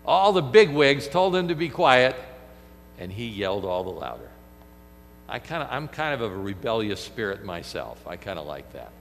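A man preaching a sermon, animated, firing off rhetorical questions and acting out quoted speech. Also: on the low side, moderate pace. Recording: long hall reverb with mains hum.

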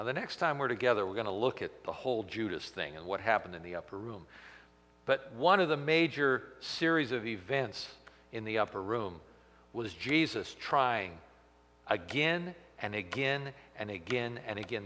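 A man teaching through a Bible passage as a pastor, animated and acting out the quotes with sudden loud emphasis. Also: lowish voice. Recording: long hall reverb.

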